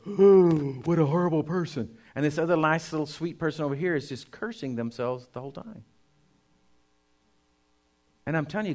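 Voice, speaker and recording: A man, a pastor, preaching a sermon to his congregation. He speaks emphatically, dropping to a hush and then rising loud, and addresses the listeners directly. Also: a little high. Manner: emphatic preaching, swinging between hushed and loud.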